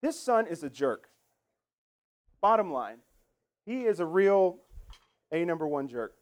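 A man's voice: on the high side, sing-song, measured pace. A man preaching a sermon in a conversational, emphatic way, acting out the lines he quotes. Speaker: pastor.

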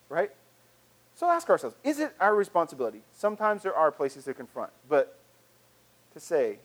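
A man preaching a sermon in a church with a fairly high, lively voice. He is conversational and animated, and his volume swings from loud to soft. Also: a little fast. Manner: animated and conversational, with acted-out quotes and big swings in loudness. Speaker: pastor. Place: church sanctuary.

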